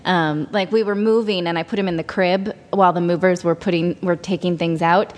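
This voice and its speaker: A woman's voice: fairly low pitch, steady tone, fairly quick, in a large hall. A woman chatting casually on a parenting panel, rambling and searching for words as she talks. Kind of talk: casual chat.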